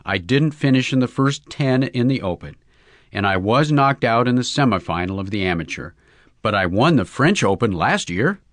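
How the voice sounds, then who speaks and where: A man voicing an earnest, excitable young golfer in love, raising his voice a little for him. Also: mid-range voice, normal speed, no room sound, close to an everyday voice.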